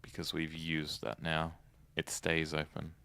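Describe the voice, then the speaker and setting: A man's voice: very deep voice, completely flat delivery, unhurried, gravelly, sharp tone. A man giving casual gameplay commentary, chatting and musing aloud to himself as he plays. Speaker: let's play host.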